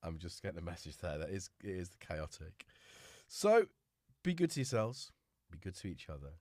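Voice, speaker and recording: A man hosting a relaxed live stream, chatting casually and talking fondly to his cats. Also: a bass voice, fast talker, dry recording. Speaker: livestream host.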